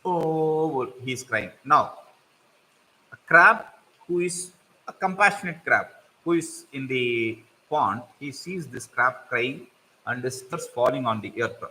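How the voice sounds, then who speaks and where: A middle-aged man telling and explaining a fable, with lively digressions. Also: mid-range voice, takes it slowly, slight background noise, rough recording. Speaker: storyteller and teacher.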